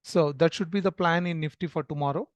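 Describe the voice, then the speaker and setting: A man's voice: a little high, a little fast, dry recording, muffled recording. A man talking through a screen-shared market chart lesson, explaining step by step with many fillers and restarts. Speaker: trading educator.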